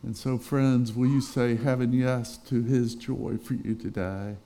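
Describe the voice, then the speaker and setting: A middle-aged man preaching a sermon as pastor, telling a personal story with swings between loud emphasis and quiet, intense moments. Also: medium pitch, steady tone, measured pace.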